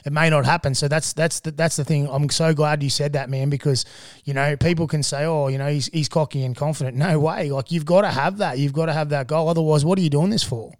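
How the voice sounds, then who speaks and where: Aussie male host, slightly high voice, friendly mate-and-bro chatter, dry close sound. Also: steady tone, a little fast, hardly any pauses, no room sound. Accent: Australian. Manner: encouraging, chatty, calls guest mate and bro. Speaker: podcast host. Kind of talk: casual podcast interview.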